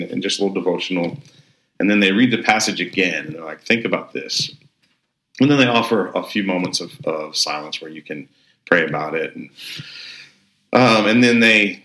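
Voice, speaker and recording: A man's voice: low voice, pushed and bright. A man, a pastor co-hosting a podcast, chatting casually in an upbeat, rambling way with many restarts. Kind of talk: casual chat. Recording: roomy echo.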